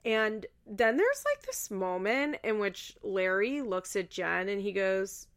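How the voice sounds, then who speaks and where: A woman's voice: mid-range voice, very animated, slow pace. A woman host chatting casually in a recap, chatty and loose with fillers and the odd swear word.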